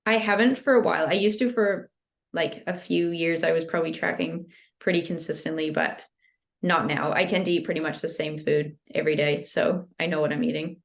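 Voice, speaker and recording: Female guest expert, low-pitched, steady and casual, explains things plainly. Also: brisk, vocal fry. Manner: steady, explanatory, uses "like" often. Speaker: health guest.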